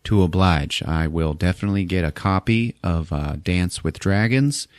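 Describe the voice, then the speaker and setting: A man voicing an exasperated male prison warden, halting and overly formal. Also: low voice, clean tone, dry recording, studio quality, lightly acted.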